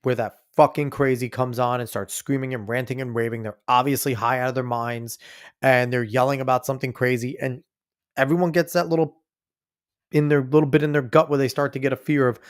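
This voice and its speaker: A man's voice: medium pitch, little pitch movement, a little fast, clean tone. A man hosting a podcast, giving blunt, profane, casual commentary on a news clip he plays for listeners. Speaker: podcast host.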